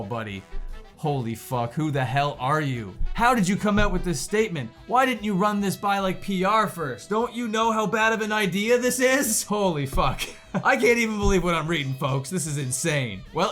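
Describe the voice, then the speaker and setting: A high-pitched man with a bright, sharp voice rants through a commentary video. He swears freely and piles on mocking, exasperated asides. Faint music sits under his voice. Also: animated, moderate pace. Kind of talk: profane reaction commentary.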